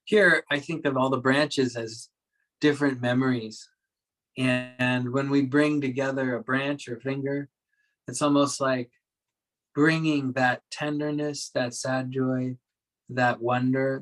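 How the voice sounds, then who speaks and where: A man giving a dharma talk to his workshop group as a meditation teacher, speaking in a gentle, reflective way with soft laughs. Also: medium pitch, rough recording.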